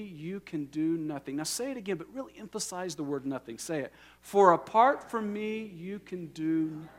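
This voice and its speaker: A man preaching a sermon as a guest pastor in a church, earnest and lively, slowing down for emphasis and letting phrase endings fall soft. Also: high voice. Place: church sanctuary.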